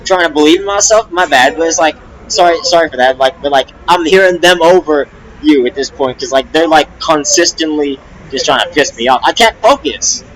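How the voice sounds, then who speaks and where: A man's voice: a little high, a little fast, low-quality recording. Agitated young man venting, rambling. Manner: agitated, rambling with constant restarts and profanity. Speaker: rapper and streamer. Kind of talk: casual live-stream venting.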